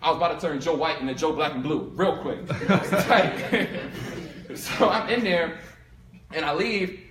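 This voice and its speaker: Animated young man, echoey room. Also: fairly high pitch, a little slow, crowd noise. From Philadelphia. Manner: animated, acts out both sides of the story. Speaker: speaker giving a talk on income. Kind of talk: storytelling talk to a live audience. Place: room with an audience.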